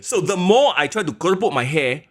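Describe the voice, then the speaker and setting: A man co-hosting a podcast in casual chat, playful and quick to laugh. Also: sits high. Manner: animated and playful, laughs often, sweeps his voice up and down. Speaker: podcast co-host.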